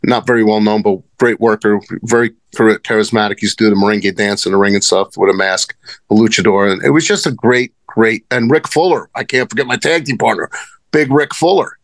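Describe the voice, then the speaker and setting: Gravelly guy rambling thru road stories, swears a lot, dry close sound. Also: fairly low pitch, brisk, no echo. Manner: rambling, profane, many restarts. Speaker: wrestling guest. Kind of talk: casual storytelling.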